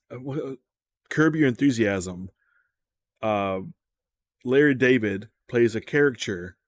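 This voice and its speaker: Male reaction host, lowish voice, casual and profane, stammers and repeats words. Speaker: commentary host.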